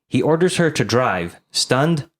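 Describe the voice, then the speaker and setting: Lively man recapping a plot. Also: medium pitch. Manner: recaps the plot in quick summary. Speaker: podcast co-host. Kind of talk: casual chat.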